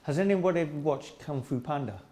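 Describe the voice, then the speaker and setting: A man's voice: on the high side, dark tone. A man leading an informal spiritual discussion with an audience, teasing and telling stories in a playful way. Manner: playful, teasing, quick storytelling. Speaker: spiritual teacher in a group talk.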